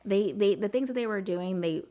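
A woman, an interview guest, telling her personal story in casual conversation, animated, saying "like" a lot and acting out what others said. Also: medium pitch, normal speed.

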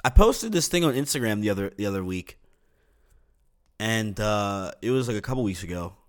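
A man's voice: on the low side, lively intonation, moderate pace. Rambling, profane young man on a podcast. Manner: rambling, profane, full of fillers and restarts. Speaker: podcast host. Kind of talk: casual solo podcast rant.

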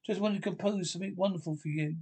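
A man's voice: high voice, fairly even intonation, quick pace, a little mellow, husky. A man reading the lines of a jealous, possessive young daughter, speaking in a sulky, pleading way.

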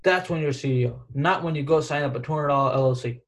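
A man's voice: on the high side, fast talker. A man co-hosting a podcast in casual chat, emphatic and repetitive, dropping slang like dude and bro. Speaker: podcast co-host.

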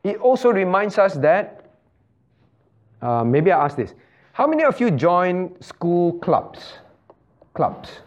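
Male pastor, Bible study lesson, higher voice, repeats phrases, questions listeners, dull lo-fi sound. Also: sing-song, slow pace, pauses often. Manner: repeats key phrases, quizzes listeners by name. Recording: muffled lo-fi recording.

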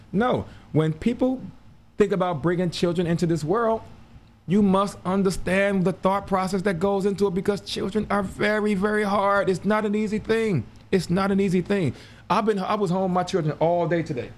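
Male host, fairly high voice, loose rambling monologue with lots of repeats; faint music underneath. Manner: rambling, repeats words, laughs often. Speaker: podcast host. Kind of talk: casual monologue.

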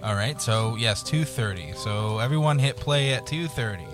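A man hosting a casual podcast chat in a booth with friends, animated and quick to laugh, often repeating his words. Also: medium pitch, music in the background. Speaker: podcast host. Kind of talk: casual group chat watching videos. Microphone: studio booth mic.

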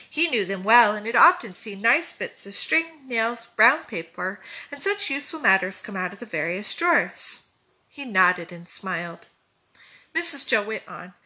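A woman reading a classic novel aloud, who pauses now and then to comment on the text. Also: mid-range voice, pushed and bright, low-quality recording. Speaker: audiobook reader.

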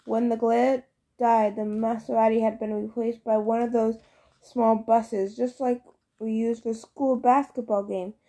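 A woman narrating a fantasy novel as an audiobook reader, in a steady storytelling read. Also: a little high, a little slow.

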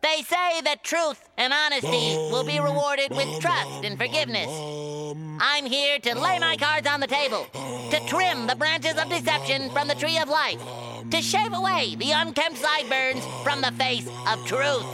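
Cartoon sea sponge, young male, earnest and wordy, high voice; clip with clear music behind. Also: animated, normal speed. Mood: earnest speech. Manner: grand, theatrical speech-making.

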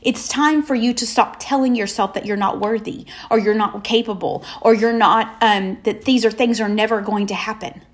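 A woman delivers a faith-based motivational message in a slightly high voice. She leans on emphatic, repeated affirmations and slows down with deliberate pauses to let each point land. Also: fairly even intonation. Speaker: motivational speaker.

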